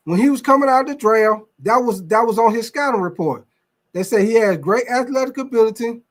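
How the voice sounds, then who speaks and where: Guy hosting a sports stream, loose rambling talk, swears a lot, keeps talking to the chat. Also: very high-pitched. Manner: loose, rambling, profane, addresses viewers as y'all. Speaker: sports show host. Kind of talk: casual live sports talk, reacting to chat.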